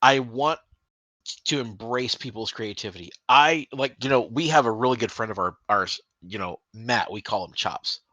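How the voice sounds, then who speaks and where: A man co-hosting a casual hobby podcast, talking with animated energy, swearing freely and restarting sentences. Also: mid-range voice, moderate pace, no room sound. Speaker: podcast co-host.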